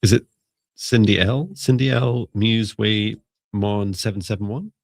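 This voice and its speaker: A man's voice: on the low side, a little slow. A man co-hosting a live spiritual reading stream, chatting casually in a rambling, musing way and laughing often. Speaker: psychic mentor and live show co-host.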